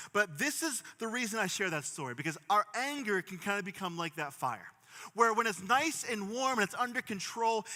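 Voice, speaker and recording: Bright-voiced pastor in a reverberant hall. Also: male voice, fairly high pitch. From Pittsburgh, USA. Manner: storytelling, jokey, works the crowd. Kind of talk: sermon. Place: large church hall.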